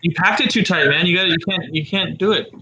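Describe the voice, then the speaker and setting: Bright-voiced man hosting a casual stream. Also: high voice, fast, slight background noise, poor audio. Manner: rambling, repeats words. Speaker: livestream host. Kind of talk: casual chat.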